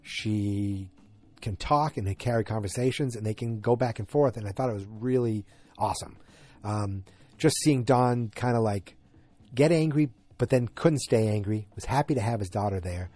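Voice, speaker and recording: A man's voice: fairly low pitch, moderate pace, a little mellow. A man hosting a podcast, chatting through an episode recap in a rambling way that flares into exasperation. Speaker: podcast host.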